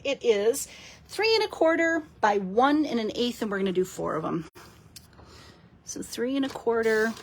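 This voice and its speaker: A woman's voice: fairly high pitch, sing-song, normal speed. A woman hosting a casual live card-making demo, chatting and giggling with her viewers as she works.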